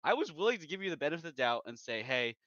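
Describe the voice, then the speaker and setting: A man's voice: on the high side, sing-song, racing, a bit bright, dry recording. A man co-hosting a podcast in casual chat, ranting in a heated, exasperated way. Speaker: podcast co-host. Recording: dull lo-fi recording.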